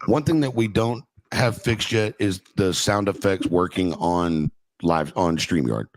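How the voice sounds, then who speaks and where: A man's voice: sits low, a little slow. A man hosting a casual podcast, joking loosely and swearing freely. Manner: loose, profane banter. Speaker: podcast host.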